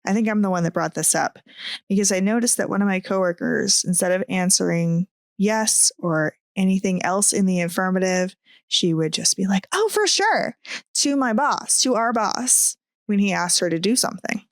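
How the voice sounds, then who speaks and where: A woman's voice: mid-range voice, normal speed, no room sound, studio quality. Giggly woman podcast co-host. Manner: giggly, animated storytelling. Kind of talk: casual chat.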